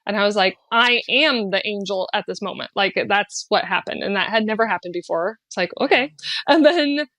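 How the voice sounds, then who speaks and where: A woman's voice: brisk, dry recording. A middle-aged woman, a podcast guest, telling an emotional personal story, raising her voice for quotes and laughing often. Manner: animated, quoting with raised pitch and laughing.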